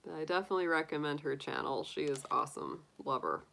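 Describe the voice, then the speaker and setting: Chatty bright-voiced woman tarot streamer. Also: sits low, quick pace, vocal fry, slight background noise, poor audio. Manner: laughs often, chatty and animated, acts out quotes. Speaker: tarot reader hosting a live stream. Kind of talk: casual live-stream chat with viewers.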